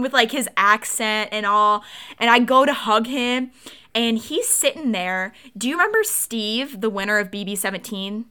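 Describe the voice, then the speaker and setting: A young woman in her twenties, co-hosting a podcast and telling a story in a casual, animated way with frequent laughs. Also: a little high, normal speed, clean tone. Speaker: podcast co-host.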